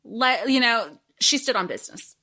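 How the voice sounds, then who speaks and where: Young woman podcaster, bouncy voice, fairly high, animated chatty retelling. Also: moderate pace. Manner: animated, quotes characters with big pitch jumps. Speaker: podcast co-host. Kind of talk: casual fan discussion.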